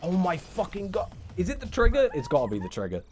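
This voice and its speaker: A man's voice: high-pitched, wildly swooping pitch, fast, darkish tone, slight background noise. Sarcastic young English man streaming. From England. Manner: rambling, sarcastic, swears often. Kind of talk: casual livestream chat.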